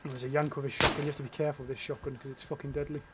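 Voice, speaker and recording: A man's voice: mid-range voice, flat delivery, rapid-fire, very noisy. A young man with a northeast English accent, streaming gameplay live and chatting casually with his viewers, often swearing and restarting his phrases. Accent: northeast English, near North Yorkshire. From northeast England. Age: young adult. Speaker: gaming livestreamer.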